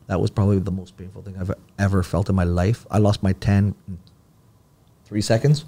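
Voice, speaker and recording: Low-voiced man telling a story. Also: fairly quick. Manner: animated storyteller acting out quoted dialogue. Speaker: podcast guest. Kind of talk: casual storytelling.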